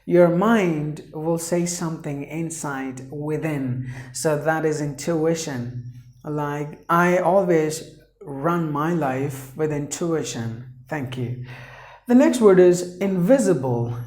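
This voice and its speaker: Woman, pronunciation teacher, slow deliberate lesson, spells letters and repeats words, echoey room. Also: low-pitched, darkish tone. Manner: spells out letters and repeats each word several times.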